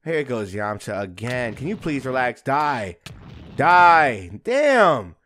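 A young man giving casual, slangy gameplay commentary, trash-talking enemies and yelling at big moments. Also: mid-range voice, sing-song, measured pace, a little hiss or hum. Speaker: gaming YouTuber.

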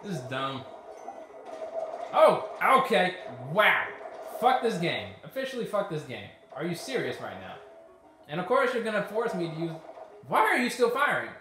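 A man commentating his own video game play, frustrated and swearing at the game, often shouting. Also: on the high side, sing-song, moderate pace, very echoey, over music. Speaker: gaming YouTuber.

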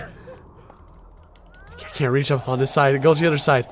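A man's voice: mid-range voice, normal speed, long pauses, a little hiss or hum. A man streaming a horror game, reacting with jumpy outbursts and constant swearing. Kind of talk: horror game let's play commentary.

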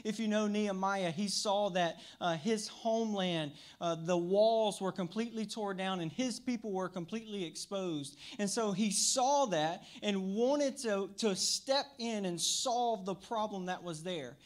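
A man's voice: high voice, a little slow, few pauses. Man, pastor, sermon, slight country twang, upbeat, chatty, church sanctuary. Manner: upbeat, chatty, addresses the room and online viewers.

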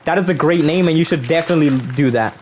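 A man's voice: fairly high pitch, fast, a little mellow, a little hiss or hum. A young man casually chatting on a gaming livestream, reading viewers' chat aloud and joking back at them.

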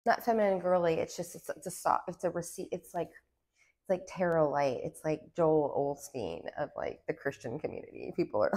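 A woman's voice: low-pitched, moderate pace, darkish tone. A woman giving a casual pick-a-card tarot reading, rambling along with lots of "like" and a valley-girl lilt. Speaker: tarot reader.

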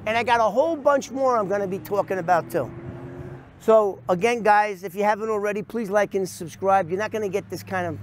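A man's voice: high voice, slight background noise. A middle-aged man telling a story in a casual way to camera, acting out the quoted voices with animation.

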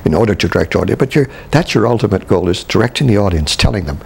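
An older man from Canada looks back on his years on stage. He speaks in a deep, gravelly voice, stopping and restarting his sentences and chuckling as he remembers. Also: lively intonation, slight background noise. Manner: halting, with many restarts and chuckles. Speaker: interviewee, veteran stage actor. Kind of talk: reminiscing interview.

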